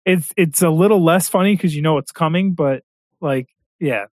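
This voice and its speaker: A man with a high, light voice chats casually about a film he loves. He talks excitedly and keeps slipping into playful quotes. The sound is dry and close. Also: normal speed, dry recording. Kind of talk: casual movie chat.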